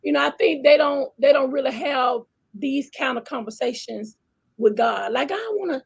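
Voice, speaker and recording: A woman's voice: high-pitched, vocal fry, a little mellow. A woman guest on a faith talk show, speaking fervently and preaching with emotion. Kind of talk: faith-based conversation.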